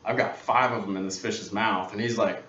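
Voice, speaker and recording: A man, a guest angler, telling a fishing story in casual, animated talk in a workshop. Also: on the low side, normal speed. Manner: animated storyteller, acts out others' lines. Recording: roomy, dull, distant mic, faint hiss.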